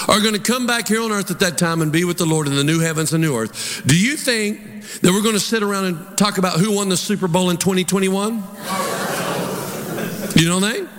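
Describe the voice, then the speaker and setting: Animated pastor preaching in a hall. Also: male voice, on the high side, normal speed, long pauses. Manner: storytelling preacher, animated, rhetorical questions to congregation. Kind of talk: sermon. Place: church sanctuary. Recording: long hall reverb, audience.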